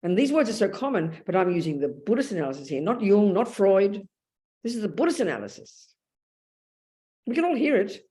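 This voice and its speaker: A woman's voice: mid-range voice, big pitch swings, brisk, mellow. A woman with an Australian accent giving a blunt, emphatic dharma talk as a Buddhist nun, calling her listeners darling.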